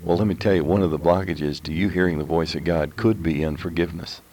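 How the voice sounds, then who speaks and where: A man's voice: sits low, steady tone, fast talker, a little mellow. A man co-hosting a Christian talk show, urging his listeners directly in a preaching manner. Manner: exhorting, direct address to listeners. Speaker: co-host.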